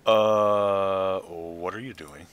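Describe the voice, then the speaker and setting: Let's play host, low and bright voice, reads game text, dry asides. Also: male voice, fairly even intonation, very slow, clear, resonant tone. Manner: dry, offhand asides between read passages. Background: faint game music.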